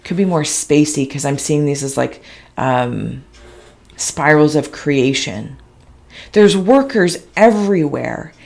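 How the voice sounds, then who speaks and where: Intuitive reader, woman, lowish voice; slow, dreamy, tender delivery of visions. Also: expressive, gravelly. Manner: soft, emotional and tender. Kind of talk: meditative spiritual reading.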